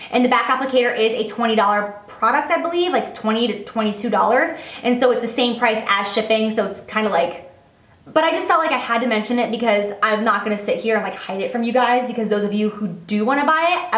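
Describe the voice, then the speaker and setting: A woman's voice: fairly high pitch, a bit bright, reverberant. A young woman beauty vlogger chatting casually and gushing about her favorite products.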